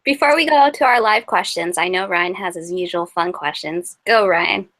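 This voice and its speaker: A woman's voice: on the low side, normal speed, fairly bright tone, dry recording. A woman hosting a live chat stream, upbeat and giggly as she reads questions. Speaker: host.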